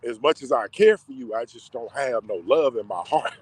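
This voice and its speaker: A man's voice: medium pitch, moderate pace, husky, no room sound. A man in casual, emotional storytelling, talking in slang with many fillers. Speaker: vlogger. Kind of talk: casual personal storytelling to camera.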